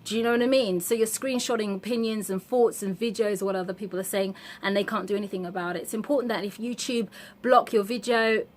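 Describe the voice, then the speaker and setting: British woman ranting on her vlog, lots of ums and restarts, middle pitch, slight background hiss. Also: fairly even intonation, fast. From Britain. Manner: outspoken and emphatic, with frequent fillers and restarts. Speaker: vlogger. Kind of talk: casual vlog monologue. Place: at home in the evening.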